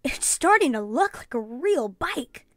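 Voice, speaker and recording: A woman voicing an earnest, hardworking young boy in a read-aloud storybook, speaking softly. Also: high voice, sing-song, measured pace, dry recording, clean studio sound, heavily acted. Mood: eager.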